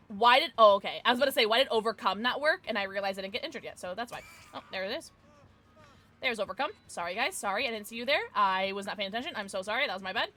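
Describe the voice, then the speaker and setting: A young woman chats away as she streams a game, her pitch bouncing up and down. She rambles, curses, and reads her chat aloud in an easy, unscripted way. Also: animated, quick pace, sharp tone. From Midwestern United States. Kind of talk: casual live-stream chat while gaming.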